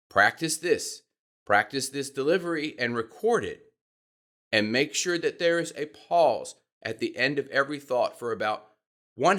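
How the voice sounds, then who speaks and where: A man giving podcast speaking tips to camera, expressive and demonstrating changes in pitch and pace as he explains. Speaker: podcast coach. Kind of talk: instructional talk to camera.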